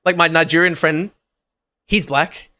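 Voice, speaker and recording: A man with an Australian accent, debating casually as a guest and talking in quick bursts full of restarts and "like" fillers. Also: fairly high pitch, fairly even intonation, sharp tone. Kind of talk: casual live-streamed debate.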